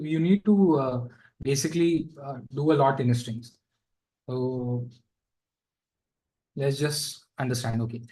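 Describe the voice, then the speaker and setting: Slow-talking man teaching code. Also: on the high side, rough recording. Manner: casual, thinks aloud with fillers and asides. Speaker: programming instructor. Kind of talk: live coding lesson.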